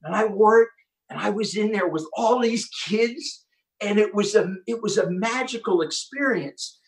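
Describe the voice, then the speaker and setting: A man hosting an online conference, telling an inspirational story with excitement and acting out the quotes. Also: high voice, moderate pace, low-quality recording. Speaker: host.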